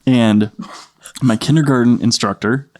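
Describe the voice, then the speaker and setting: A young man co-hosting a podcast, telling stories in a casual, animated way, laughing often and swearing freely. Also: medium pitch, measured pace. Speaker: podcast co-host. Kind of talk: casual storytelling chat.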